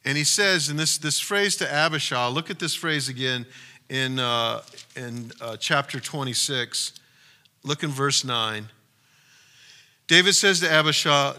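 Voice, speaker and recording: A man's voice: a little high, measured pace, pushed and bright. A male pastor giving a sermon in a conversational way, retelling a story with asides to the congregation. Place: church.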